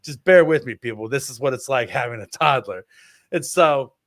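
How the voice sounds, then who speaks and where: Podcast co-host, man in his thirties, mid pitch, lively anecdote teller, dry sound. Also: normal speed, no echo. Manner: animated storyteller, acts out quotes. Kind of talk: casual chat, storytelling.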